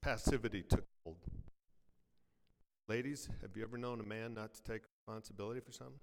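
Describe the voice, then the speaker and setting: A pastor preaching a sermon to his congregation, firing off rhetorical questions and quick jokes, then dropping to a hush for weighty lines. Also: on the low side, steady tone, vocal fry, a little hiss or hum. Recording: long reverb, from a large church hall.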